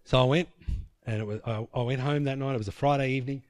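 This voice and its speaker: A man preaches a sermon, turning a personal story into lively scenes and often restarting his sentences. His voice sits at an ordinary middle pitch. The sound is dry and close, with no room echo. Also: fast. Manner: animated, tells the story in vivid scenes with many restarts.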